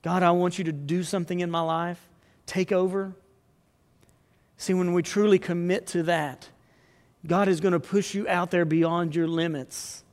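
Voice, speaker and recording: A man's voice: high voice, flat delivery, moderate pace, a little mellow. A man preaching a sermon as pastor, earnest and building to fervent appeals. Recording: long hall reverb.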